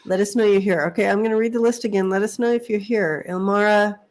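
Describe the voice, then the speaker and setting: A woman's voice: medium pitch, steady tone, quick pace, darkish tone. A middle-aged woman co-hosting a casual live stream, chatty, laughing often and repeating her words. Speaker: psychic reader, co-host.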